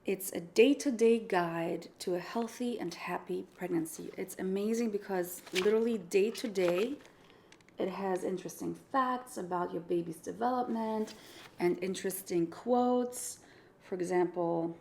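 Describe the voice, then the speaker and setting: A young pregnant woman talks straight to camera in a casual, earnest vlog, working through a numbered list. Her voice sits at a medium pitch, and she speaks openly and warmly about personal matters, in an open, chatty manner. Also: gravelly, a little hiss or hum. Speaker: vlogger, singer-songwriter.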